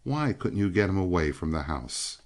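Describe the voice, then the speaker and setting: Male narrator doing a proud little red-headed gunslinger, deep and clipped, cool. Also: big pitch swings, normal speed. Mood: earnest. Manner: clipped, cool, through the teeth. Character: proud small red-headed gunman, touchy.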